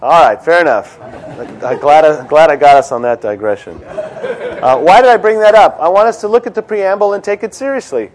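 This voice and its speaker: A middle-aged man teaching a seminar in a classroom, animated and joking, with many fillers and restarts. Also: a little high, moderate pace, a faint crowd, a little hiss or hum. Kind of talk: classroom lecture and discussion.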